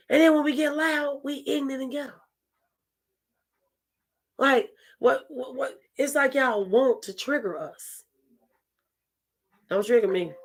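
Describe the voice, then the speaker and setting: Sassy high-voiced woman host. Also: husky. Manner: sassy, emphatic, calls listeners baby. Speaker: talk show host. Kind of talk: candid opinion talk.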